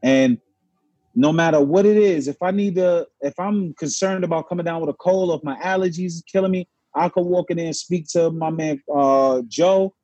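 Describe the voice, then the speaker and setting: Husky-voiced animated New man. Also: a little high, moderate pace, no room sound, dull audio. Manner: animated, storytelling, profane slang. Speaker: podcast co-host. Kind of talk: casual chat.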